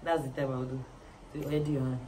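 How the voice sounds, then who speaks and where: A woman's voice: a bass voice, level tone, fast talker, low-quality recording. A young Nigerian woman with a Nigerian accent, chatting casually to camera at home in a vlog, joking about being broke. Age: young adult. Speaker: vlogger. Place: at home, indoors.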